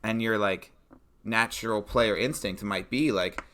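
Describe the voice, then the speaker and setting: A man with a bright, forceful voice pitched a little low, chatting casually as he plans a tabletop game. He talks in an animated way, acting out player reactions between fillers and restarts. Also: measured pace. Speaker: podcast co-host designing a tabletop adventure. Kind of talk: casual brainstorming chat.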